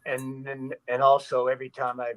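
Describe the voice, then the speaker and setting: Animated man telling a stunt story. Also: medium pitch, moderate pace, poor audio. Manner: animated, acts out quoted voices and screams; loose, repeats himself with frequent fillers. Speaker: stuntman, guest. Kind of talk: storytelling in an interview.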